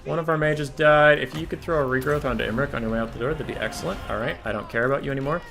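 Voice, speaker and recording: A man's voice: mid-range voice, rapid-fire, vocal fry. A young man commentating his own strategy game match, sarcastic and profane, sometimes breaking into outbursts at his units. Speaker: gamer streamer. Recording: faint game music behind.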